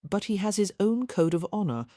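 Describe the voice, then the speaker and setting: Helen, a woman, reads a gentle young lady in a tender mood, pitching a bit above her own voice while still sounding natural. Her mid-range delivery is animated and slightly fast, recorded at studio quality with no echo.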